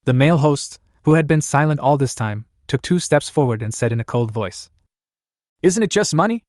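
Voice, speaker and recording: A man reading a story recap as scripted narration, in an even, plain voice. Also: mid-range voice, brisk, no echo, studio quality.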